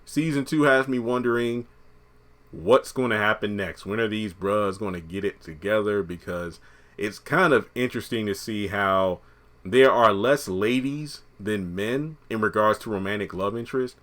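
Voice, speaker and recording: A man's voice: on the low side, moderate pace, fairly bright tone. A man giving a casual, joking review of a TV episode, chatty and loose with some profanity.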